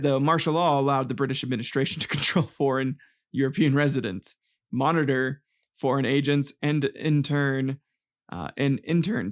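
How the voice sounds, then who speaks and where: A man hosting a casual comedic history podcast, rambling and joking, swearing and tripping over names. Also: medium pitch. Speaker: podcast host.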